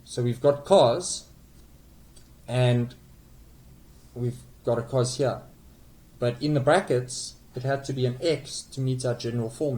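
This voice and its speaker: A man's voice: medium pitch, darkish tone, rough recording. A man tutoring calculus, explaining step by step in a patient way with frequent okays and small self-corrections. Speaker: math tutor.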